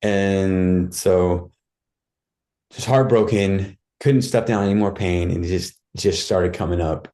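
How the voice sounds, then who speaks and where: Mellow low-voiced man telling a story. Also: fairly even intonation, slow. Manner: vivid retelling that acts out his own cries, full of "like" and "dude". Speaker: podcast guest. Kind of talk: casual storytelling.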